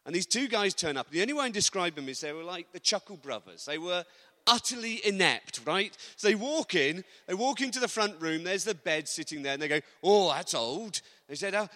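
A man's voice: high voice, sing-song, a little fast, sharp tone. A man preaching an informal sermon in a church, telling personal stories in a chatty, joking way. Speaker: visiting preacher. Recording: long hall reverb.

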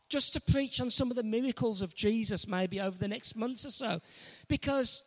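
High-voiced man preaching in a hall. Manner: storytelling, emphatic repetition. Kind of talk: sermon. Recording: long reverb of a large hall.

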